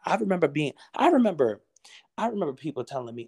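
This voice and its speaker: A man's voice: a little high, very animated, fast talker, vocal fry, a little mellow, breathy edge. A man talking as a podcast guest, passionate and preacher-like, acting out the voices he quotes. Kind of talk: casual motivational conversation.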